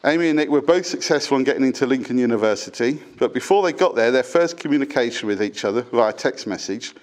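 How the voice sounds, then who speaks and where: A middle-aged man delivers a father-of-the-bride speech at a wedding reception. His mid-pitched voice sounds affectionate and gently humorous as he reads from his notes, with occasional small stumbles. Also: animated, quick pace.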